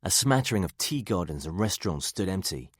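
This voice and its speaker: Low husky guy reading an audiobook, steady measured pace, slight rasp. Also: dry recording, clean studio sound. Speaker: audiobook narrator. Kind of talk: scripted narration.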